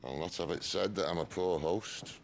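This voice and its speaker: An actor playing a wry middle-aged outlaw leader in a video game, easygoing and dry. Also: male voice, sits low, normal speed, a little hiss or hum. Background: game music.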